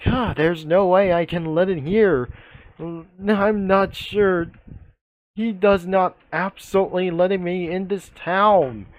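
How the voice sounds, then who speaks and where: A man's voice: high voice, slow, no room sound, dull audio. A man narrating a comic story in a rambling, repetitive way.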